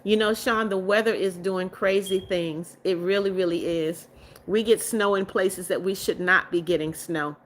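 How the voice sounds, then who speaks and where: A woman's voice: medium pitch, steady tone, normal speed, a little hiss or hum. A young woman hosting a livestream, reading out viewer comments and answering them casually, greeting each newcomer with repeated hellos and welcomes. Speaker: livestream host.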